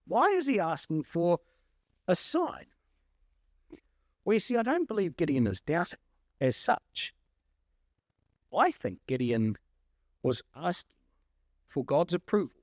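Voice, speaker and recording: A man preaching a sermon to a congregation, emphatic and animated, acting out the lines he quotes. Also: a little high, unhurried, pauses often, no echo, clean studio sound.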